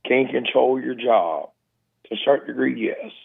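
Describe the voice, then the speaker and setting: Gravelly Southern caller on a phone line. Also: male voice, medium pitch. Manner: mumbles and talks fast. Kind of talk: casual call-in chat.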